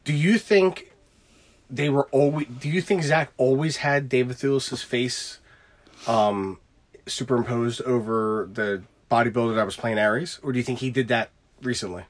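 A man co-hosting a casual movie review podcast, asking quick questions and tossing in side notes between agreeing murmurs. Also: medium pitch. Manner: quick asides, frequent agreeing "mm-hmm", bursts into laughter. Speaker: podcast co-host.

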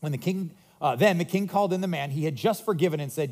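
A male pastor preaching a sermon, retelling a parable in a conversational, animated way with casual asides. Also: a little high, fast, few pauses. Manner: conversational, animated storytelling with quips.

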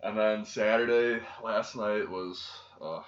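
Low-voiced young man, profane storyteller. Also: fairly even intonation, takes it slowly. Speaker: podcast co-host. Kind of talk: casual chat. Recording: lo-fi echoey room.

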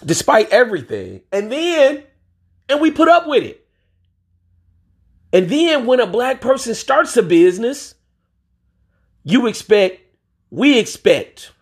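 A man with a husky, slightly raised voice hosts a solo podcast rant. He is emphatic and swears freely. He drops into street slang and talks straight at his listeners. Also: high voice, sing-song, slow, pauses often. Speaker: podcast host.

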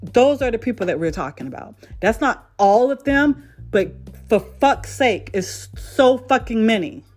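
A woman's voice: a little high, lively intonation, unhurried, a little mellow, soft background music. A woman vlogger delivering a heated, profane monologue rant, repeating herself for emphasis.

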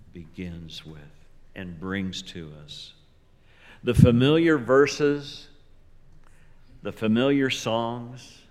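A male pastor preaching a sermon, slow and deliberate, swinging from loud emphasis to near whispers. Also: medium pitch. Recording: long reverb of a large hall.

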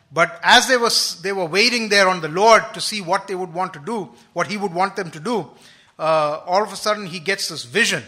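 High, bright-voiced male preacher. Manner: unhurried, thoughtful, frequent fillers and restarts. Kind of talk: sermon.

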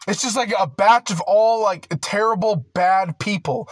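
A young man in a casual ranting monologue, rambling with constant filler words and swearing, growing loud and heated at times. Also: sits high, measured pace, few pauses, no room sound. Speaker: vlogger.

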